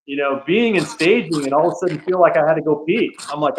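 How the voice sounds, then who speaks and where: A podcast guest with a fairly high voice tells stories in casual chat, packing in "you know" and "man." He talks quickly with hardly any pauses, in an echoey room with slight background noise.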